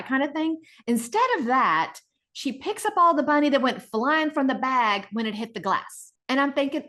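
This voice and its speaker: A middle-aged woman co-hosting a casual podcast, retelling stories in an animated way and acting out the people in them. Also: sits high, moderate pace. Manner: animated retelling with acted-out voices. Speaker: podcast co-host.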